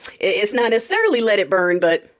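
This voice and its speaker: A woman's voice: mid-range voice, very animated, fast. A woman hosting a casual morning commentary for her viewers, sarcastic, laughing often and calling them darling. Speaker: political commentary host.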